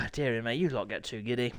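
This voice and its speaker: A man commentating a sim motorbike race live, excitable, jokey and self-mocking, his voice a little hoarse. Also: mid-range voice, normal speed, no echo. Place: small home room called a commentary box.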